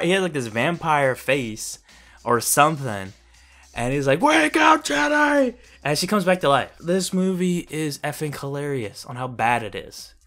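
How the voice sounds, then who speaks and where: A man's voice: medium pitch, fairly bright tone. A man giving a casual, profane and sarcastic review of a film he finds ridiculous, laughing as he rants. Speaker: movie reviewer. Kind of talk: casual ranting movie review.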